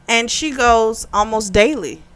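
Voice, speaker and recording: A woman giving a casual spoken book review, retelling the plot in a chatty, animated way. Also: a little high, a little slow.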